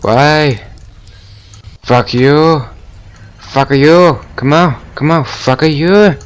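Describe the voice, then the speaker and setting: A man's voice: on the high side, extremely slow. A man giving horror game commentary, jumpy and gasping, swearing and taunting the monster. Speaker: gaming video creator.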